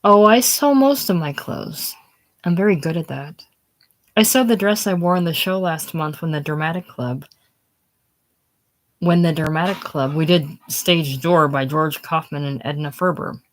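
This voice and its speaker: A woman voicing a chatty, excitable young woman who rattles on about her stage triumph, in a casual script reading. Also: sits low, moderate pace, close to an everyday voice, rough recording. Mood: proud. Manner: rattles on breathlessly, gushing.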